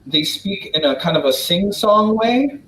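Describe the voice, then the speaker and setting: An American man from Wisconsin answering questions in a relaxed, casual way, with many fillers and restarts. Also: sits high, measured pace, roomy sound, a little hiss or hum, poor audio. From Wisconsin, United States. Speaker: guest diplomat answering questions. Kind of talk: casual spoken Q&A.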